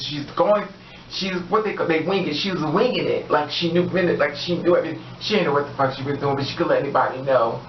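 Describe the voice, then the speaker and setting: Animated man telling a storytime, echoey. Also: on the high side, distant mic, a little hiss or hum. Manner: animated, acts out the voices of the people in his story. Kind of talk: casual storytime. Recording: echoey room, off-mic, slightly dull.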